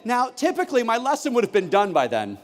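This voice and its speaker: Keynote speaker, man, high and very lively voice, acts out every line of dialogue, big hall with long reverb. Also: quick pace. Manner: animated, acts out classroom dialogue. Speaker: keynote speaker, former teacher. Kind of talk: conference keynote storytelling. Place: large conference hall.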